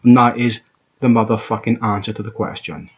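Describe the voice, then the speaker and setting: A man's voice: fairly low pitch, little pitch movement, brisk, slightly rough, lo-fi sound. A man reviewing a rap track in an exasperated, profane rant, often stumbling and repeating himself. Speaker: music reaction vlogger. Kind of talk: ranting reaction commentary.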